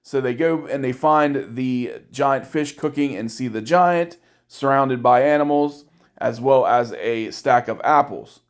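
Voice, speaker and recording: A man giving a casual, irreverent episode recap, with crude jokes and quick voiced asides for the characters. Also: mid-range voice, clean tone. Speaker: anime reviewer.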